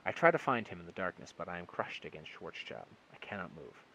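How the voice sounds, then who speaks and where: Deep-voiced man reading a story aloud. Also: lively intonation, brisk, pushed and bright, slight background noise, low-quality recording. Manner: stumbling, restarting words. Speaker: amateur audiobook reader. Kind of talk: single-take short story narration. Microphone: phone.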